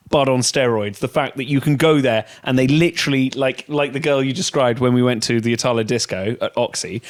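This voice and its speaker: A young British man co-hosting a podcast in casual chat, animated and teasing, with swearing. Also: medium pitch. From Britain. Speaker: podcast co-host.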